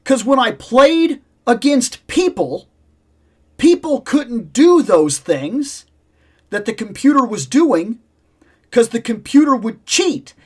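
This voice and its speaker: A middle-aged man hosting a casual chat, telling a nostalgic story in an animated way, with loud exclamations and low asides. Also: slow pace, husky. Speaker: host.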